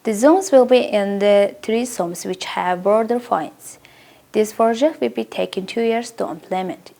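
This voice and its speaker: A woman's voice: medium pitch, unhurried, vocal fry, mellow. Woman reading news. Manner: careful, formal reading of a script. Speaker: news presenter.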